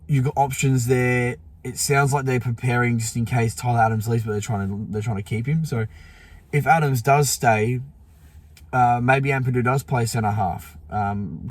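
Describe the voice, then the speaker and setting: A man hosting a fan channel, chatting casually and sleepily about football with many fillers and restarts. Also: medium pitch. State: sleepy, yawning. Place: outdoors in morning sun.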